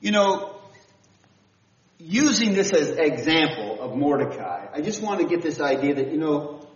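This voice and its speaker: Animated preacher from Canada in an echoey church. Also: male voice, a little high, a little slow. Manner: animated, with frequent restarts and questions to the audience. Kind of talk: conversational sermon. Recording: echoey room from a distance, dull sound.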